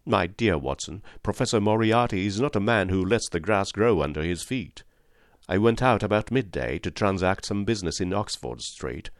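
A man with a very low voice reads a classic detective story aloud in a measured, even way. The sound is dry and close, with no room around it. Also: dry recording. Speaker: audiobook narrator.

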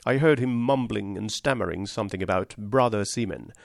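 A man narrating a literary novel in a measured, grave, deliberate way. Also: fairly low pitch, vocal fry, no echo, studio quality. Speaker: audiobook narrator.

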